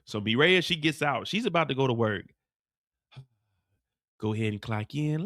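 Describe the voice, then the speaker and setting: A man hosting a live recap show, retelling scenes in an animated, profane, comedic way on a streaming mic. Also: medium pitch, moderate pace, long pauses, no room sound, studio quality. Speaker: host.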